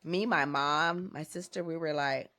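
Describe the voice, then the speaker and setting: A woman with a bright, forward voice chats as a podcast co-host. She is a teacher and tells lively stories about her class. She laughs often as she talks. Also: sits low, unhurried. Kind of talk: casual chat.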